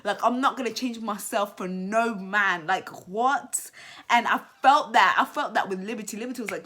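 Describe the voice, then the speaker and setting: A young woman commenting on a reality TV episode to her channel viewers, chatty and animated, repeating herself and saying "like" often. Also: medium pitch, normal speed. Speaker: YouTube reality show commentator. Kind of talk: casual commentary to camera.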